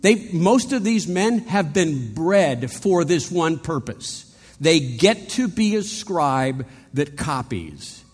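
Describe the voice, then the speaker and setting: A man's voice: a little high, very animated, slow, slightly rough. A man preaching a sermon in a conversational way, asking rhetorical questions and adding playful asides. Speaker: pastor. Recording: long reverb of a large hall.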